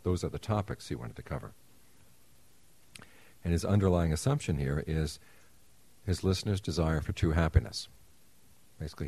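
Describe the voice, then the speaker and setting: A man giving a dharma talk as a meditation teacher, measured and explanatory, with wry asides to his listeners. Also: extremely low pitch, a little mellow. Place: meditation center.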